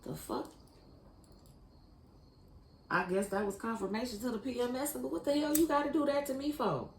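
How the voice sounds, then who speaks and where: A woman with a slightly high voice gives her viewers a casual spiritual card reading at a moderate pace, speaking straight to them in a blunt, profane way. She is a tarot card reader, recorded in an echoey room with faint noise.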